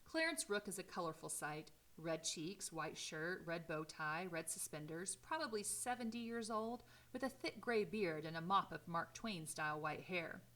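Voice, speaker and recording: A woman teacher reading a novel aloud in a steady, clear storytelling way. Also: lowish voice, moderate pace, hardly any pauses.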